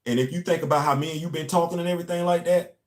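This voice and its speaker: A man's voice: fairly high pitch, steady tone, racing. A young man from the United States hosting an impassioned monologue, emphatic and preachy, repeating his key lines. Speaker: host. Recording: echoey room.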